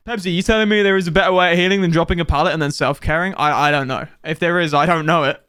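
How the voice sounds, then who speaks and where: A young man streaming a game live, ranting in exasperation at his teammates with sudden high-pitched outbursts. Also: very fast, hardly any pauses, pushed and bright, clean tone. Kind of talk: live gameplay commentary.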